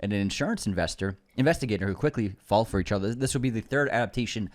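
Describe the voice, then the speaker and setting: Sex: man. Role: podcast co-host. Style: news rundown read from notes. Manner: brisk, with relaxed asides. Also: lowish voice. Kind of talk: reading out movie news items.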